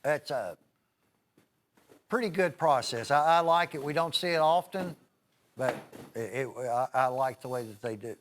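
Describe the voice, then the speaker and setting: Folksy man hawking knives on TV. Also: mid-range voice. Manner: folksy, enthusiastic, chatty salesman with many fillers. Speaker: TV shopping host. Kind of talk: live TV shopping sales pitch.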